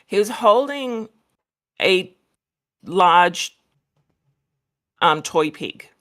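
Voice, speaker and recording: A woman's voice: mid-range voice, animated, extremely slow, fairly bright tone. An Australian woman chatting casually on a video call from her home near the kitchen, rambling with lots of fillers and laughs. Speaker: guest. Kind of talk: casual chat.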